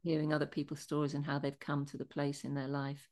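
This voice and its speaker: A woman with a low voice hosts a podcast interview. She affirms her guest often and encourages him to keep talking. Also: monotone, fast talker. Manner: warm, affirming, lots of agreeing. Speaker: podcast host. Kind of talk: interview conversation.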